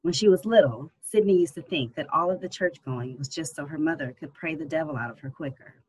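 An audiobook narrator reading a novel in a steady, even storytelling manner. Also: medium pitch, a little fast, low-quality recording. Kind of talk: scripted narration.

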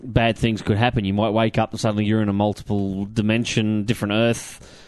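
A man's voice: fairly low pitch, flat delivery, fairly quick, clean tone, no echo, clean studio sound. A man with an Australian accent talking through a comic review in casual chat, blunt and rambling, swearing freely and filling gaps with ums. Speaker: comic book podcast host.

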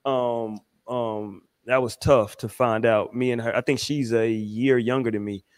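A man's voice: medium pitch, fairly even intonation, a little slow, a little mellow, clean tone, no echo. Houston guy hosting a podcast, chill and rambling, dry close sound. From Houston, Texas. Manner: laid-back, heavy fillers, heartfelt. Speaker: podcast host. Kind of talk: casual podcast chat.

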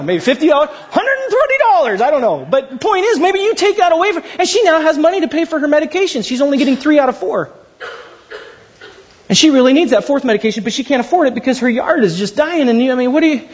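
A man preaching a sermon as pastor, animated and jokey, acting out little asides to the congregation. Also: very high-pitched, slightly rough, muffled recording.

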